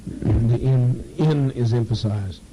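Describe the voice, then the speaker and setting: A man leading a program and addressing a group informally, halting and repeating words for emphasis. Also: medium pitch, highs cut off, a little hiss or hum.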